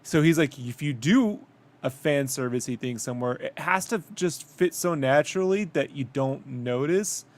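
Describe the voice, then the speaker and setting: A man's voice: mid-range voice, normal speed. A man co-hosting a casual podcast chat, rambling and swearing as he retells stories and quotes people. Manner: swearing, rambling, quotes others in animated bursts. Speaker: podcast co-host.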